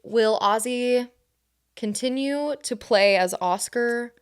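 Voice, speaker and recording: A woman co-hosting a casual commentary podcast, bubbly and quick to laugh. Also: fairly high pitch, clean tone. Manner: bubbly, laughs easily, enthusiastic. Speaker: podcast co-host.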